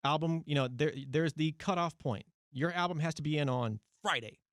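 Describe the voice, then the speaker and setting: A man's voice: on the high side, moderate pace, no room sound. A man hosting a radio interview, eager and playful, firing off questions in a studio. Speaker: radio host.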